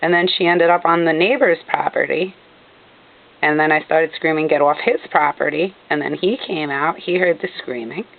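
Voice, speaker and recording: A woman's voice: low-pitched, moderate pace, slight background noise. A woman narrating her own recorded video in an agitated, indignant way, repeating herself often. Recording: tinny phone-like audio.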